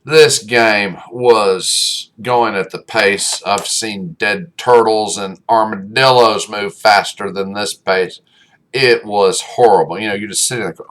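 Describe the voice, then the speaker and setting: A man's voice: on the low side, takes it slowly, a bit bright. Blunt, folksy male storyteller. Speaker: speaker, former youth baseball coach. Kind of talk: humorous motivational talk.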